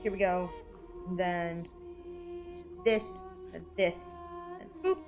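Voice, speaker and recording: A woman's voice: lowish voice, lively intonation, takes it slowly, over music. A young woman chatting casually on a live art stream, giggly and playfully anxious as she talks to her chat.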